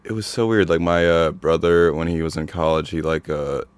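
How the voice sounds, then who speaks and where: A young man with a deep, monotone voice and heavy vocal fry, talking casually as a podcast host with lots of filler words. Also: moderate pace, no echo. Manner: laid-back, lots of "like" fillers. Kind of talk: casual chat.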